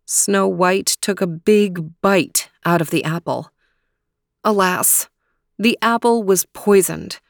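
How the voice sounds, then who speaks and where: A woman telling a fairy tale aloud in calm, measured storybook narration. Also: lowish voice, gravelly, no room sound, studio quality. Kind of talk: storybook reading.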